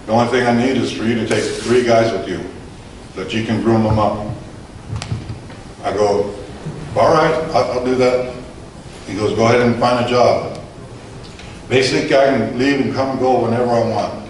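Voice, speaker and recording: A man in his forties or older tells his personal testimony to a church audience, acting out his own lines and the other people's lines as he goes. His voice sits at an ordinary pitch for a man. It rings through a very echoey hall, picked up from a distance, with faint room noise underneath. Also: steady tone, normal speed, pauses often. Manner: storytelling, acting out dialogue, chuckling. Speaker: guest speaker giving testimony.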